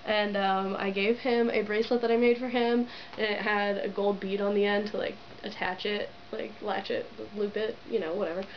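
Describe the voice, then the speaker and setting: A woman's voice: medium pitch, flat delivery, moderate pace, a little hiss or hum. A young woman telling a story to her camera in a giddy, giggly way, gushing and full of "like" fillers, on dull lo-fi camera audio. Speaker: vlogger. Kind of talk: excited casual storytelling to camera.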